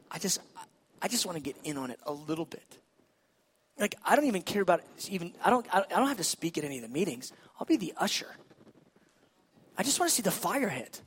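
Man, pastor, high voice, animated sermon, shouts then hushes.

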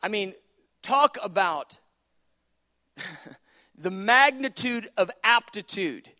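Male preacher, high voice, passionate sermon delivery, conversational, moves between quiet asides and big emphatic peaks. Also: expressive, slow pace. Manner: passionate, swings from hushed asides to loud emphatic declarations; chuckles often while preaching. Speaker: pastor.

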